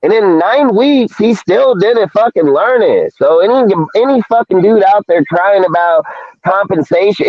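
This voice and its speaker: This podcast host's voice sits high as he rants heatedly and swears a lot on a casual sports talk show. There's no echo, and the sound is dry and tinny, like a phone call.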